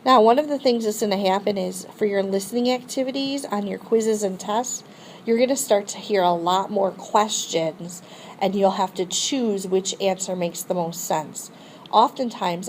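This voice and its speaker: A woman's voice: mid-range voice, darkish tone, a little hiss or hum, low-quality recording. A woman teacher explaining a French grammar lesson step by step and modeling phrases for students to repeat. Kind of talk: recorded classroom lesson.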